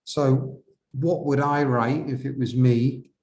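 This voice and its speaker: A man teaching as an IELTS examiner, correcting an essay step by step and asking viewers questions, with slow, halting speech. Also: medium pitch, fairly even intonation, a little mellow. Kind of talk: classroom-style essay correction.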